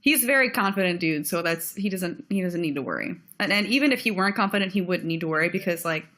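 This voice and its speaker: A woman's voice: on the low side, lively intonation, quick pace, fairly bright tone. A young woman ranting on her own video channel, blunt and heated, swearing freely as she vents. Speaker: vlogger.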